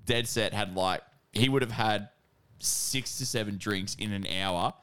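A man's voice: on the low side, unhurried, a bit bright, clean tone, no echo. An Australian man, a podcast co-host telling a laid-back, crude story in casual chat.

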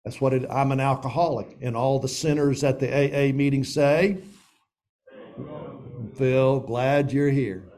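A man in his seventies from Tennessee, a pastor giving a sermon in a relaxed, personal storytelling way that talks straight to his listeners. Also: mid-range voice, moderate pace, hardly any pauses. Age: 70s. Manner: casual, personal storytelling, addresses listeners as guys and dude.

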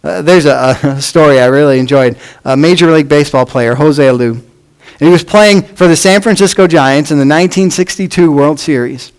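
Man, pastor, sermon, slightly higher pitch, measured pauses, trailing phrase ends. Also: clean tone, poor audio.

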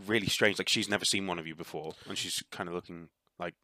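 A man's voice: low voice, fairly even intonation, fast, sharp tone, no room sound. A man narrating a tabletop role-playing game as game master, in a loose, rambling way full of fillers.

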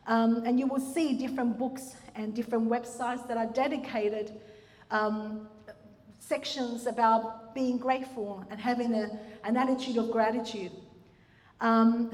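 Woman preaching in an echoey church. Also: fairly high pitch. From Australia. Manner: warm, conversational preaching with frequent restarts and fillers. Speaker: pastor. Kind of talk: sermon. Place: church hall.

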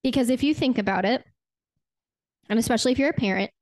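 A woman hosting a faith podcast, talking earnestly and conversationally, often asking "right?" and slowing down to stretch her words for emphasis. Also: on the high side, darkish tone. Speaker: podcast host. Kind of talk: faith podcast talk with guided prayer.

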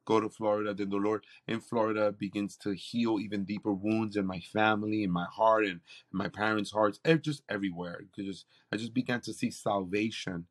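A man, a campus pastor, telling a personal testimony in conversation, animated and acting out what others said. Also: lowish voice, brisk, few pauses. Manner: animated storytelling, acts out quoted voices.

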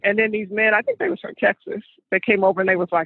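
A woman's voice: medium pitch, fairly even intonation, quick pace, hardly any pauses, breathy edge, no room sound. Woman co-host, emphatic casual chat, dry close sound. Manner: laughing, emphatic. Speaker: podcast co-host. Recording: tinny phone-like sound.

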